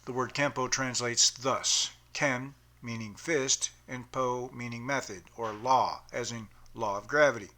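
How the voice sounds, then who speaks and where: A man's voice: mid-range voice, fairly even intonation, a little slow, few pauses, pushed and bright. A man explaining the history of his martial arts uniform patch, reading aloud carefully, with small stumbles and self-corrections.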